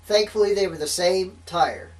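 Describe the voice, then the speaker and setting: Young male student, high voice, folksy class demo speech, mic across the room. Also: moderate pace, far from the mic, poor audio. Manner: folksy, addresses listeners as folks, self-deprecating asides. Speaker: student giving a demonstration speech.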